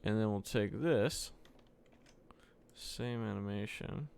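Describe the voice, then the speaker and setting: A man's voice: fairly low pitch, takes it slowly, creaky, darkish tone, a little hiss or hum. A man live-streaming a coding session, thinking aloud, muttering to himself with fillers while he types. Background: keyboard typing and clicks.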